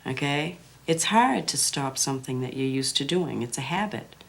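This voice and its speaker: A mother with a very low voice patiently explains herself in a documentary interview. She talks as a smoker. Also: animated, normal speed, gravelly.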